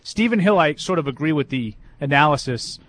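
A man co-hosting a casual sports talk show, talking quickly with stammering restarts and joking asides. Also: fairly high pitch, animated, a bit bright. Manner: fast, stammering restarts, jokey. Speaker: co-host.

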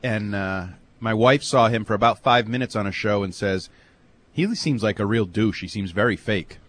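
A man's voice: fairly low pitch, normal speed, a bit bright, no room sound. A man co-hosting a sports talk show, blunt and sarcastic in his opinions.

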